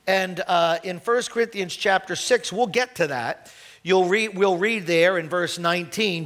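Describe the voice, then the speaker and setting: A man preaching a sermon in a conversational way, often restarting his sentences and clearing his throat, lifting his voice when he reads scripture. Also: high-pitched, a bit bright. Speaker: pastor.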